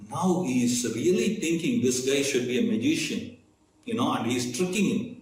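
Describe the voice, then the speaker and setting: A man's voice: mid-range voice, lively intonation, moderate pace, darkish tone. A man telling a devotional story in a conversational way, often checking in with "okay?" between his sentences. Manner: conversational, frequent "okay?" check-ins and fillers. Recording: very echoey room, faint noise.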